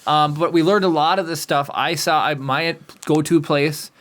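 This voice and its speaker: A man co-hosting a casual podcast, with a slightly higher voice than most men. He keeps things jokey and animated and laughs often. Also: normal speed. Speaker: podcast co-host. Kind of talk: casual chat.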